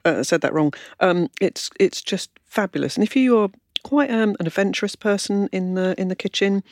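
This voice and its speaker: A woman's voice: medium pitch, a little mellow, no room sound, clean studio sound. A woman hosting a food podcast, bubbly and playful, gushing over books and cake in casual chat. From United Kingdom. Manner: bubbly, fast, playful, effusive. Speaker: podcast host.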